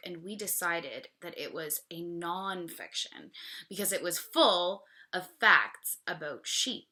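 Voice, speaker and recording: A teacher reading a picture book to young children, slowly and with pauses to ask questions. Her voice is bright and clear, and each word is spelled out patiently. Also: fairly low pitch. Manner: slow, questioning, explaining. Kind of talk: read-aloud for young children.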